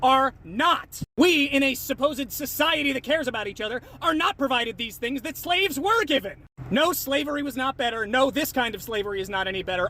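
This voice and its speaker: Male online commentator, bright piercing tone, furious profane rant to camera. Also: very high-pitched, expressive, brisk, few pauses. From United States. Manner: shouting, profane, heated. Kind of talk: angry rant replying to comments.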